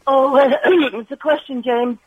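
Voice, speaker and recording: A woman's voice: high voice, steady tone, unhurried, husky. A woman calling a radio phone-in with a question, talking hesitantly with many fillers over the phone. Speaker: caller. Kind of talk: phone-in call. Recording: phone line.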